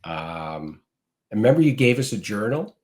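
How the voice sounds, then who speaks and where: A man's voice: fairly low pitch, big pitch swings, unhurried, darkish tone. A man being interviewed as a gratitude speaker, earnestly telling a story and acting out the quoted dialogue. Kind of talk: interview answers.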